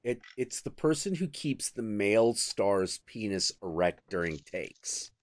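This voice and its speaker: A man hosting a stream, chatting casually and telling crude, animated stories. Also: on the low side, unhurried. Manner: animated, crude storytelling with bursts of acted quotes. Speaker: stream host. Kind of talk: casual chat.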